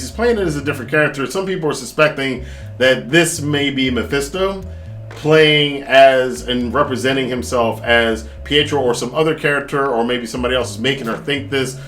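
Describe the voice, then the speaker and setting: A man's voice: on the high side, fairly bright tone. A man hosting a casual spoken TV review, rambling and chatty with many restarts. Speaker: podcast host reviewing a TV show.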